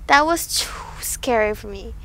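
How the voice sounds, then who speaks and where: A woman's voice: fairly high pitch, lively intonation, unhurried, a bit bright, low-quality recording. A young woman commenting nervously as she plays a game for her channel, chatting about herself and admitting she is scared. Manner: nervous, jittery, easily frightened chatter. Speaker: gaming YouTuber. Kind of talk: let's play commentary.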